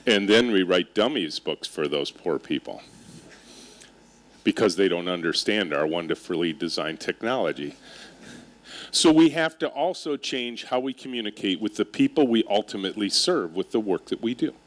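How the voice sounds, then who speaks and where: A man's voice: lowish voice, moderate pace. A middle-aged man giving a humorous keynote speech on stage, telling stories with wry, self-mocking humor and drawing the audience in with questions. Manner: animated storytelling with audience interaction. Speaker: keynote speaker and company leader. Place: stage before a live audience.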